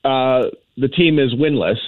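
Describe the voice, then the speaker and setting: A man calling in to a radio show, halting and defensive, stumbling over repeated words. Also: mid-range voice, dry recording. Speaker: caller. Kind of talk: phone-in conversation. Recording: tinny phone line.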